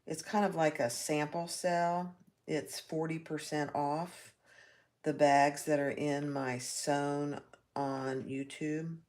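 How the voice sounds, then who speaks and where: Woman host for a live sewing demo, deep voice, slow chatty delivery, talks viewers through each step. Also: level tone, darkish tone. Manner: chatty, reacts aloud while working, reads viewer comments.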